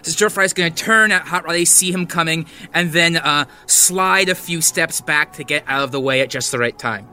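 A man's voice: fairly high pitch, moderate pace, sharp tone, soft background music. A man playing in a tabletop game, bantering playfully. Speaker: player. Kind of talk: tabletop role-play banter.

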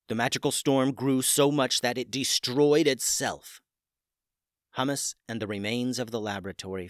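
A man narrating a children's story in a gentle, plain way. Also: mid-range voice, dry recording, studio quality.

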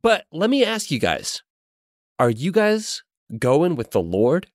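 A man playing a smooth-talking, charismatic self-help pastor in an improvised comedy role-play, with an oily, overly friendly pitchman delivery. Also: huge pitch swings, takes it slowly, no echo, studio quality, exaggerated voice. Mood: smarmy.

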